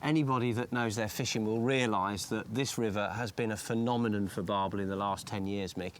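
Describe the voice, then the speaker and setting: A man's voice: on the low side, fairly even intonation, fairly quick, slight background noise. A man, presenting a fishing show outdoors by the water in a matey, encouraging way. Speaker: angler presenter. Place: outdoors by a lake and river.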